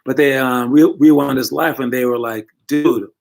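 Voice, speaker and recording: A man's voice: medium pitch, fairly even intonation, moderate pace, vocal fry, a little mellow. A man coaching young basketball players, giving a casual, encouraging motivational talk from home into a computer microphone and correcting himself as he goes.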